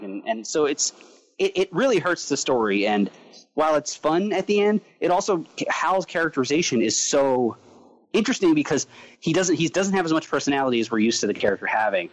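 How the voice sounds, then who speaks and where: Guy rambling fast about a comic on a podcast, kinda high voice, does little character bits. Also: poor audio. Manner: rambling, animated, acts out characters mid-sentence. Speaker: podcast co-host reviewing a comic. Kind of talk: casual podcast chat. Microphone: remote call mic.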